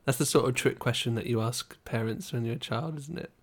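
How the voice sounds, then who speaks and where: A man's voice: mid-range voice, a little fast. A man from Britain co-hosting a casual podcast chat, musing aloud and often trailing off. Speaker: podcast co-host.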